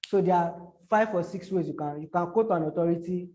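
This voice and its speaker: The speaker, a man who teaches social media marketing, explains online marketing to a small audience in a repetitive, halting manner. Though fairly high, his voice is mellow and soft-edged, and he frequently breaks off to perform brief examples.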